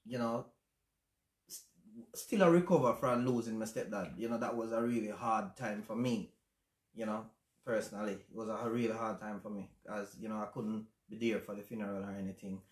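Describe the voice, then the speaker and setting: A man with a Jamaican accent hosting a casual livestream chat, speaking in a reflective, halting way with many fillers. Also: on the low side. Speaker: channel host. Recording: roomy echo.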